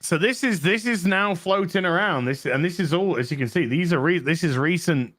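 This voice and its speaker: A man hosting a casual podcast, mocking and quick to laugh. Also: a little high. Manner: lively, mocking, laughs often. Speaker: podcast host. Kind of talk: casual chat.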